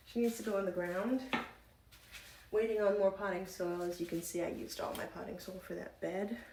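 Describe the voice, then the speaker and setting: A woman's voice: medium pitch, darkish tone, a little hiss or hum. A woman streaming live from home, chatting casually to herself and her viewers while gardening, a little out of breath and swearing now and then. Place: home indoors.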